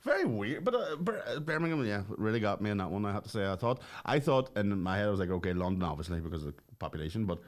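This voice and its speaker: A man's voice: lowish voice, expressive, fast, few pauses. A Northern Irish man co-hosting a podcast, chatting casually, laughing often and saying "aye". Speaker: podcast co-host. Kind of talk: casual banter.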